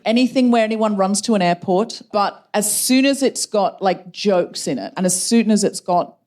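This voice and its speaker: A woman hosting a live comedy podcast on stage, wry and brisk, talking about writing. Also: mid-range voice, a little mellow. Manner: brisk, wry, jokey delivery. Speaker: podcast host and writer. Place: live stage show in a London venue.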